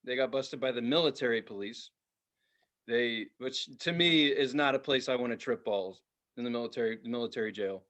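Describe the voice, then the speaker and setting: A man's voice: medium pitch, a little fast. A man co-hosting a podcast, telling stories in casual chat and acting out the other people's voices. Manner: animated, acts out the voices in his stories. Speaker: podcast co-host.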